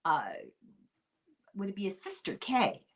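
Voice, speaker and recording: An older woman hosts a podcast, walking her listener through a true-crime case in a relaxed, conversational way. Her voice sits in a middle pitch, and she drops dry asides as she goes. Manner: chatty and unhurried, dry asides. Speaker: podcast host. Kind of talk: casual true-crime storytelling.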